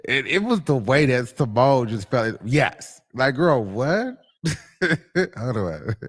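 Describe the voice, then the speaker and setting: A man hosting a casual livestream, sassy and quick to laugh, calling people "girl". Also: medium pitch. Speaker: livestream host.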